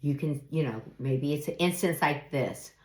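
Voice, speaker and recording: A middle-aged woman giving earnest, reflective life advice in an unhurried monologue, now and then acting out example phrases. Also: low voice, darkish tone. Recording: echoey room.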